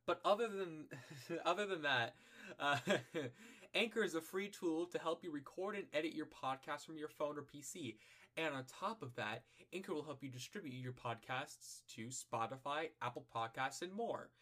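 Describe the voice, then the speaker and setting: A man's voice: on the high side, normal speed, bright, forceful tone. Man doing a playful sponsor read. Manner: playful, loose ad read with giggles. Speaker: ad reader.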